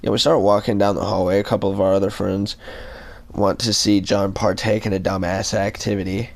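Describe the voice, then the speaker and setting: A young man tells a story from his school days in a loose, rambling way. His voice sits fairly low, and he keeps filling gaps with loose filler words and casual swearing. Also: flat delivery, brisk, vocal fry. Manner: rambling, laid-back, full of fillers and swearing. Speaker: vlogger telling a school story.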